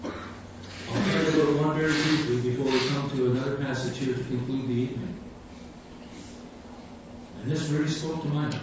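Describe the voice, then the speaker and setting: A man's voice: medium pitch, steady tone, normal speed, pauses often. A man preaching a sermon, telling a story with animation and acting out the voices of the people in it. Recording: echoey hall, distant mic, dull sound, faint room hum.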